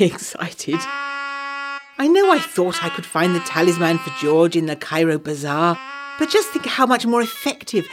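A woman narrating a letter in an audio drama, eager and gossipy with quick asides. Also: mid-range voice, natural voice. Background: jazz music.

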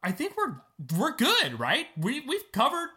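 A man's voice: very high-pitched, wildly swooping pitch, measured pace, pushed and bright. A man co-hosting a podcast in casual chat, jokey and going off on comic bits. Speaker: podcast co-host.

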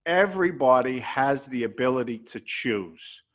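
A man's voice: medium pitch, animated, measured pace, fairly bright tone. Blunt, emphatic English-born man. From England. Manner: emphatic, preachy, blunt with mild swearing. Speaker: podcast guest, entrepreneur. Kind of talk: motivational interview talk.

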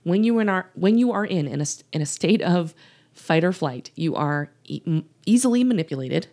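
Earnest, low-voiced woman coach podcasting. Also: expressive, moderate pace, warm tone. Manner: earnest and emphatic, repeats key points, laughs lightly. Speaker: podcast host and life coach. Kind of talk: solo podcast monologue.

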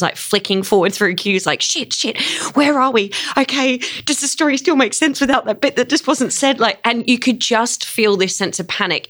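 A woman in her thirties from England, a stage performer and producer, telling stories in a casual interview with lots of laughter and acted-out quotes, her English accent softened by years in Australia. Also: medium pitch. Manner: animated storyteller, laughs often, acts out quoted voices.

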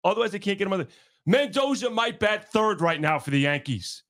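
A man co-hosts a sports talk podcast, ranting with sarcasm and animation. His voice sits high. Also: animated, fairly quick, fairly bright tone.

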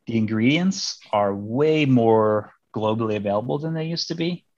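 A man's voice: mid-range voice, moderate pace, darkish tone, dry recording, highs cut off. A man from Missouri, a diplomat, chatting casually as an interview guest, rambling with many fillers and restarts. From Missouri, United States.

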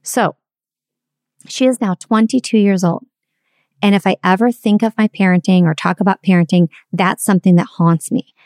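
A woman's voice: medium pitch, steady tone, moderate pace, darkish tone, dry recording, clean studio sound. A middle-aged woman telling a candid, reflective story about her own parenting in a confessional monologue. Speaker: parenting speaker.

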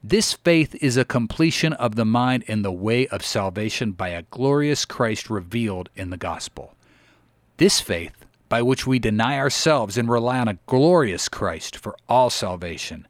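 A man delivers an old-style sermon in a solemn, measured cadence, rising into earnest pleas. His pitch sits in an ordinary middle register. The sound is dry and close, with no room around it. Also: animated, dry recording. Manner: earnest, measured preaching cadence with pleading exclamations. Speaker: reader of historical sermons.

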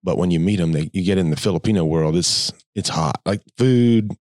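A man's voice: deep voice, a little fast, darkish tone, dry recording, studio quality. A man co-hosting a podcast, joking and teasing in casual chat. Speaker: podcast co-host.

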